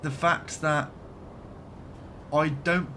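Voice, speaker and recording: A man's voice: a little high, steady tone, drawn-out words, pushed and bright, slight background noise. A man from Birmingham with a light Birmingham accent, chatting casually and swearing now and then while live-streaming a game. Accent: light Birmingham English. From Birmingham, England.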